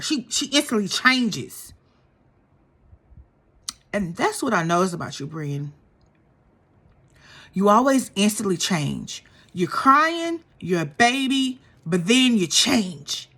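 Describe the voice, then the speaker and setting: A woman's voice: mid-range voice, slow pace, pauses often. Gossipy woman recapping a show. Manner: animated and gossipy, acts out quotes. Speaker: reality TV recap vlogger. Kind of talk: casual chatty show recap.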